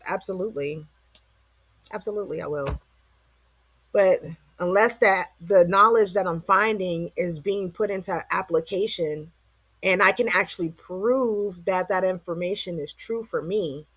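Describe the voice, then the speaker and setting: A woman's voice: lowish voice, a little slow, a bit bright, slightly rough, no room sound. Woman vlogger, casual slangy motivational rant, close dry mic. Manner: slangy, rambling, rhetorical questions.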